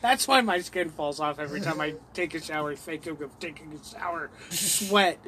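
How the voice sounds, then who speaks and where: A male podcast co-host trading profane, mock-threatening banter, loud and playful about it. His voice is pitched high for a man, with faint ambient hiss in the room. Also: moderate pace. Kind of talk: casual chat.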